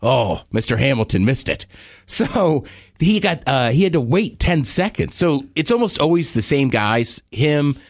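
A man's voice: mid-range voice, very animated, a little slow, no room sound, clean studio sound. A man co-hosting a podcast, chatting casually and eagerly about sports and racing. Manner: enthusiastic, nerdy about racing. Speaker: podcast co-host.

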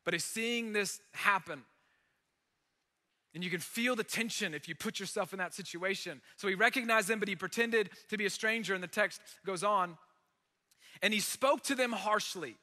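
In a big church hall, a male pastor preaches at a moderate pace with a high, notably bright voice. His storytelling is lively and conversational, pressing heavily on dramatic beats, as a long reverb follows every phrase.

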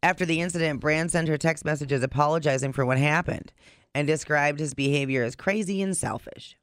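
A man's voice: a little high, a little fast, fairly bright tone, smooth, no room sound, studio quality. A man co-hosting a casual podcast, reading out news reports and adding blunt asides of his own. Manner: reads reports then adds blunt asides. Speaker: podcast co-host.

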